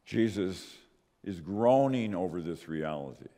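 A male pastor delivering a sermon, earnest and emphatic, swinging between raised stresses and quiet drops. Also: low voice, expressive, a little slow. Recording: long hall reverb.

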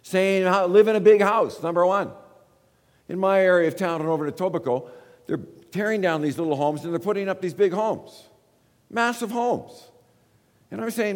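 A man's voice: high-pitched, lively intonation, normal speed. A man, preaching a sermon as a pastor, earnest and repeating words as he builds each point. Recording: long reverb of a large hall.

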